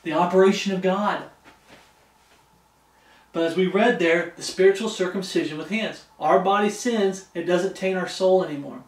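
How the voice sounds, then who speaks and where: A man with a fairly high voice preaches verse by verse, reading scripture aloud and pausing to ask "okay?" His voice rings around an echoey room. He sounds some way off from the mic. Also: distant mic. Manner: reads scripture aloud, keeps checking in with "Okay?". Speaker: pastor. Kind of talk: expository Bible sermon.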